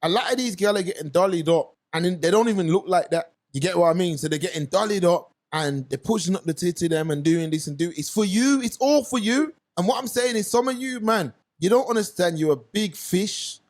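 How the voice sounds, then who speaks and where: A man's voice: sits high, fairly quick, few pauses. A man co-hosting a casual podcast chat, telling stories in slang and acting out the people in them. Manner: animated storytelling, slangy, acts out quoted voices. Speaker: podcast co-host.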